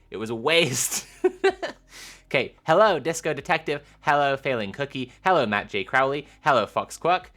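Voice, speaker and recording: A woman streamer chatting casually with her viewers, animated and giggly, rambling with lots of filler sounds. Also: rumbling low. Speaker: live streamer.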